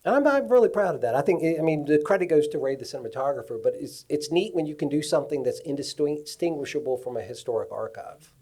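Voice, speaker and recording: A man on a cinematography panel, telling lively stories from his career at a live festival event. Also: on the high side, fast talker, hardly any pauses, husky. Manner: animated storyteller. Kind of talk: anecdotal panel talk.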